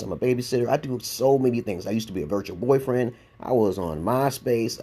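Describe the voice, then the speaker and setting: A man's voice: on the low side, warm tone, slightly rough. A man in his forties with a New York accent, ranting bluntly in a rambling response video, full of profanity and repeated "okay?". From Brooklyn, New York. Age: 40s. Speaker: YouTube commentator. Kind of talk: casual response-video rant.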